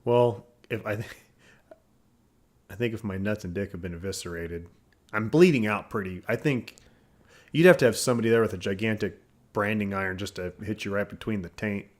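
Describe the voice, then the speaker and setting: A man's voice: lowish voice, brisk. A man co-hosting a podcast, spinning graphic, profane stories in loose casual chat. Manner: drawling, graphic storytelling with fillers. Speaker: podcast co-host.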